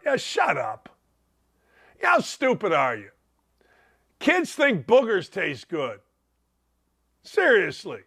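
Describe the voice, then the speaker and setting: A man's voice: sits high, bright, forceful tone. A man hosting a podcast, giving a combative, sarcastic opinion monologue. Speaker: host.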